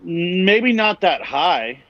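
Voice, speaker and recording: A man's voice: high voice, very animated, very slow, dull audio. A man from the Bay Area co-hosting a podcast, talking casually with many fillers. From San Francisco Bay Area. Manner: rambling, hesitant, many fillers. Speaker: podcast co-host. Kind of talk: casual chat.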